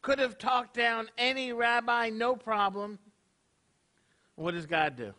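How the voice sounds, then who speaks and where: A man's voice: extremely high pitch, slow, sharp tone. A man, a rabbi preaching a casual, conversational sermon to his congregation, tossing out rhetorical questions. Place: congregation hall.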